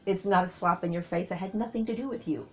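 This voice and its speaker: A woman talking through a personal memory in a rambling monologue, often pausing to search for her words. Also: on the low side, low-quality recording.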